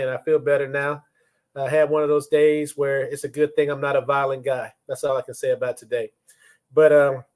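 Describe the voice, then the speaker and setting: A man in his fifties hosting a casual leadership livestream from a phone or webcam, chatting and greeting viewers by name. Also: on the high side.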